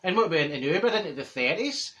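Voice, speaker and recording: A man's voice: fairly high pitch, animated, fast talker, fairly bright tone. A man voicing a chatty, brash middle-aged Glasgow woman with a Glaswegian Scottish accent, telling gossipy stories to camera in an exaggerated comic manner. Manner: gossipy, exaggerated, bursts of laughter, theatrical outbursts. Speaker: comedy character monologue. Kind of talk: comic character monologue to camera.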